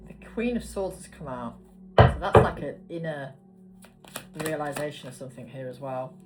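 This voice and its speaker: A woman's voice: sits low, lively intonation, normal speed. A woman giving a casual tarot card reading, chatty and swearing casually as she talks. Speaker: tarot reader. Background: background music.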